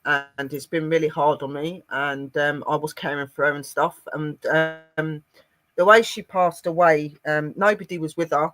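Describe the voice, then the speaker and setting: A man in casual chat, emotional and choked up, talking haltingly and often repeating himself. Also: fairly high pitch, steady tone, fairly bright tone.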